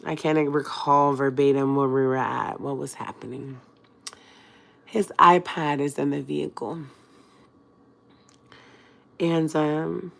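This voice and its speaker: Young woman, lowish voice, slightly under the weather; casual, dramatic storytime talk straight to her viewers. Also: creaky. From Fresno, California. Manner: chatty, dramatic, addresses viewers directly. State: has a cold. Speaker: vlogger.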